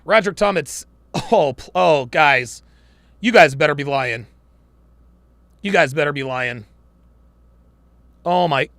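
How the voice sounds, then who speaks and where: A man's voice: on the high side, slow pace, long pauses, fairly bright tone, no room sound. A man hosting a live reaction show, mocking and exasperated, swearing often and laughing in disbelief. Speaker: show host reacting to clips. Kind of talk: crude live reaction commentary.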